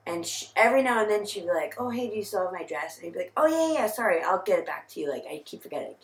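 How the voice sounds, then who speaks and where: A woman's voice: lowish voice, very animated, racing, reverberant, poor audio. A young woman in her twenties telling a long, rambling story in casual chat, full of "like"s and laughing at herself.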